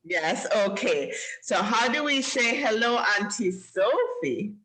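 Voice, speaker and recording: A woman's voice: fairly high pitch, animated, takes it slowly, a bit bright, poor audio. A woman hosting a live-streamed children's show over a video call, chatty and encouraging. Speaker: host of a kids' show.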